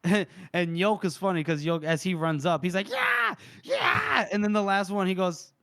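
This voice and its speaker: A man's voice: sits high, fairly even intonation, brisk, a crowd in the background. A man co-hosting a podcast, animatedly retelling a story, acting out the characters' lines and laughing often. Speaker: podcast co-host. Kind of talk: casual book discussion.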